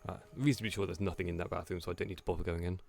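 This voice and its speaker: A man's voice: low voice, steady tone, rapid-fire, vocal fry, a little mellow, soft background music. A young British man streaming a horror game, joking and teasing his chat with a slightly scratchy voice. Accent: British English. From Britain. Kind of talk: casual gameplay chat with viewers.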